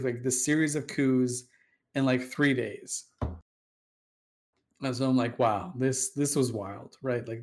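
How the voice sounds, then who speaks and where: A man tells a sprawling story in loose, casual chat. He swears freely and leans on fillers. He jumps into quoted dialogue as he goes. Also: medium pitch. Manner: rambling, profane, acts out quoted dialogue with fillers. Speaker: storyteller guest recounting game history.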